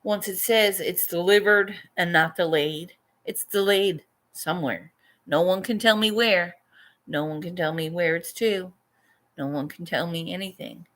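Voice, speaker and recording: A woman's voice: lowish voice, a little slow, a bit bright. A Canadian woman artist vlogging casually, venting and swearing freely as she chats about her day. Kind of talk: casual chat.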